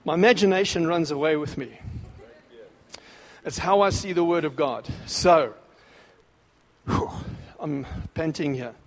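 A man preaching a sermon with fervent, emphatic bursts, then dropping into quieter scripture reading. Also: a little high, unhurried, pauses often. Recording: long reverb of a large hall.

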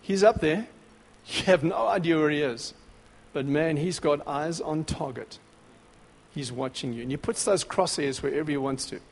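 A man preaching a sermon, dramatic, dropping to a hush and then rising to shouts. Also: on the high side, moderate pace, husky. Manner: dramatic, swings between hushed and shouting. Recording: long hall reverb.

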